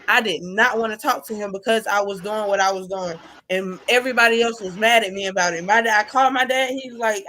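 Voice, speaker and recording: A woman's voice: on the high side, fast, few pauses, pushed and bright, a little hiss or hum. A woman talking about her father in a casual, heartfelt podcast chat, laughing often. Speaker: podcast guest.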